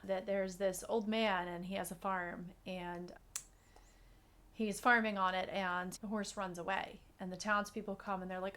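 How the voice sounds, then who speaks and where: A woman co-hosting a podcast in casual chat, telling stories in a reflective, animated way. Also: mid-range voice, moderate pace. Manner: storytelling, reflective, animated asides. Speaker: podcast co-host.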